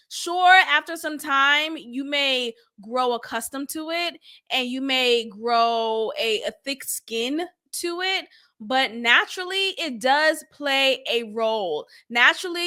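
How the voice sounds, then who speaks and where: Woman host, high bright voice, animated commentary. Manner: animated and expressive, acts out quotes. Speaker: podcast host reviewing an interview. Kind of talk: casual commentary.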